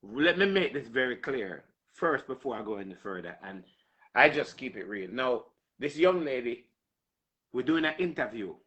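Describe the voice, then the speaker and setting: A man's voice: medium pitch, sing-song, normal speed, bright, forceful tone, lo-fi sound. A man hosting an interview, talking emphatically to his viewers with a lot of repetition. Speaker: interview host. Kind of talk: casual interview talk.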